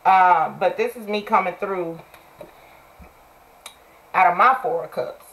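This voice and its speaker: A woman's voice: lowish voice, takes it slowly, a bit bright, poor audio. A woman in her forties giving a casual tarot reading, talking candidly and bluntly, cursing freely and repeating phrases for emphasis. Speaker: tarot reader.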